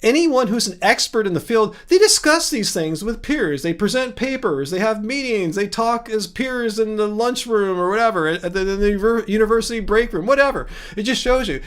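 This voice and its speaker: High-voiced man hosting a chatty livestream. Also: lively intonation, brisk, few pauses. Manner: chatty, repeats and restarts words, chuckles often; argumentative, sarcastic asides. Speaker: livestream host reading chat comments. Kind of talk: casual livestream chat.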